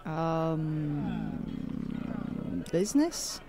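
Joking gamer thinking aloud. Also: male voice, sits high, expressive, measured pace, long pauses. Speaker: let's play gamer. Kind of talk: casual gameplay commentary. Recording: game sounds and music behind.

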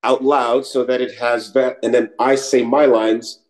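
Animated New man telling stories. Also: mid-range voice, unhurried, poor audio. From New York City. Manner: animated storyteller, slips into accents and voices. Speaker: actor guest. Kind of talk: casual interview chat.

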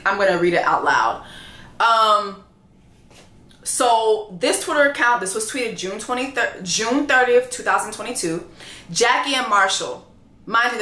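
A woman reviewing a reality dating show, ranting loudly and profanely in casual commentary. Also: mid-range voice, reverberant. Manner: loud, profane, animated ranting.

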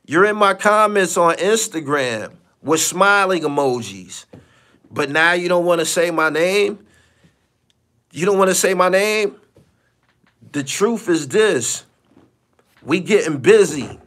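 This podcast host's voice is high-pitched and fairly bright, with lively intonation, and he takes it slowly, pausing often. During casual live-stream commentary he speaks bluntly, swears, and repeats things to drive them home.

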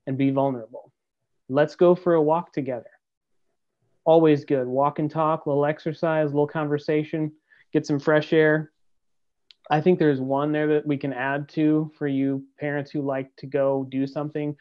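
A man's voice: fairly high pitch, fairly even intonation, moderate pace. A man giving a webinar talk to parents, in a direct, encouraging manner. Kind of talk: practical talk. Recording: dull lo-fi webinar audio.

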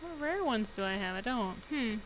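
Young woman, let's play commentary, chatty, giggly, higher pitch. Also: animated, normal speed, slight background noise, rough recording. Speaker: gaming channel host.

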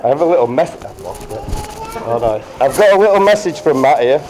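A man's voice: mid-range voice, sing-song, a little fast. A middle-aged man giving a wedding toast as the groom's father, reading from notes with dry jokes. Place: wedding reception room.

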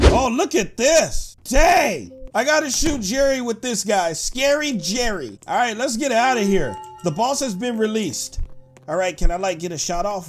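High-voiced man narrating a game. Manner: animated, says "like" and "guys" a lot, bursts into shouts. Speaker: gaming YouTuber. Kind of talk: excited gameplay commentary.

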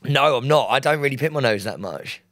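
A man, co-hosting a podcast in casual chat, excitable and giggly with loud squeals. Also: medium pitch, a little fast, no echo, studio quality. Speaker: podcast co-host.

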